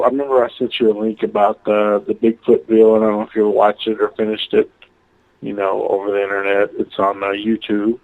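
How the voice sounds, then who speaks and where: A man with a fairly low voice calls in to a radio show, talking in a loose, rambling way full of "uh" and "you know". His voice comes through a thin, tinny phone line. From Oklahoma. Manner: rambling, with many fillers. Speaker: caller. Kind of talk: casual call-in chat.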